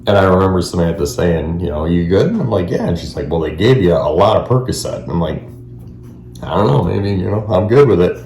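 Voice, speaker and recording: A man's voice: low voice, lively intonation, fairly quick, a little mellow, reverberant, a little hiss or hum. A man co-hosting a casual chat, laid-back and laughing as he tells stories. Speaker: co-host.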